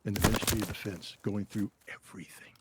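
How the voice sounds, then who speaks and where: A man's voice: fairly low pitch, fast. A man in his sixties, a guest in an interview, telling a story animatedly and acting out the dialogue. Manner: animated, acts out quoted dialogue. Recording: loud background noise.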